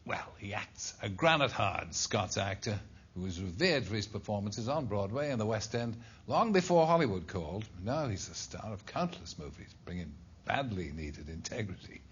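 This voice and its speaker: A man's voice: fairly low pitch, sing-song, normal speed. A man hosting a talk show, introducing a guest and asking wry, teasing questions. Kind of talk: chat show interviewing. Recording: dull lo-fi TV recording with faint hiss.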